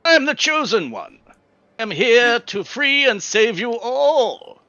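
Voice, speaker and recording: A man playing a grandiose self-proclaimed chosen hero in a tabletop game, making slow, pompous proclamations. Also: extremely high pitch, very animated, sharp tone, no room sound, lo-fi sound, voice pushed up, exaggerated voice.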